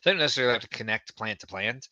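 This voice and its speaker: Very bright-voiced chatty male co-host. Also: medium pitch, lively intonation, racing, no room sound, dull audio. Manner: chatty and enthusiastic, reads viewer comments aloud. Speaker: podcast co-host. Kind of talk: casual livestream chat.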